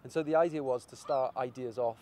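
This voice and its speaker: Guy rambling on about his art project, mid pitch, bit of hiss behind. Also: fairly quick, mellow. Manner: rambling, musing, searches for words. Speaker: artist being interviewed. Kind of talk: casual interview talk.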